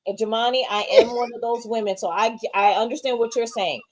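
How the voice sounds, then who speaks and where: A woman's voice: fairly high pitch, steady tone, a little fast. A woman co-hosting a casual movie review chat online, emphatic and opinionated, acting out her own reactions. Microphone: streamed online call.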